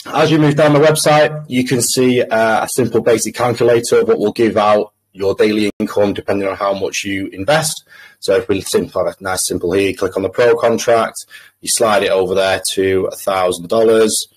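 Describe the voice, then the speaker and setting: Man, Manchester accent, low husky voice, halting presenter full of ums, voice-chat pitch. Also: steady tone, poor audio. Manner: hesitant, many ums and uhs, restarts. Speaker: crypto trader presenting to investors. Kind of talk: screen-share voice chat presentation.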